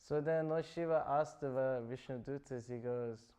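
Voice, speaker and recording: A man's voice: mid-range voice, moderate pace, warm tone. A man giving a scripture class, retelling stories in a loose, chatty way full of "like" and "you know". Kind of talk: casual storytelling talk.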